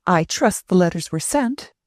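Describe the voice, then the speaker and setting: A woman's voice: lowish voice, lively intonation, normal speed, no echo, clean studio sound, lightly acted. A woman reading the part of a haughty, shrewd older society woman, speaking in pointed tones.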